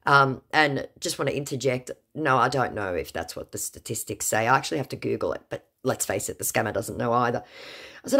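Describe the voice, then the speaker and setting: Low-voiced, mocking woman from Australia. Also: expressive, fairly quick, creaky, fairly bright tone. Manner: dry, mocking, sarcastic. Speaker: scam-baiting narrator. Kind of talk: narrating text chats.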